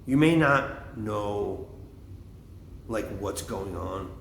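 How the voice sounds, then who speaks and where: A man's voice: lowish voice, lively intonation, very slow, creaky, a little hiss or hum. A man vlogging in a casual, rambling monologue, swearing often and full of fillers. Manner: rambling, profane, lots of fillers. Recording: roomy echo, faint ambience.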